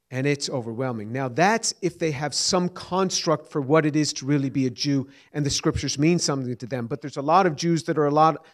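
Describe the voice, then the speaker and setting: Earnest man answering audience questions. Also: a little high. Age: 50s. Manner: earnest, repeats and restarts words. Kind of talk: lecture Q&A answer.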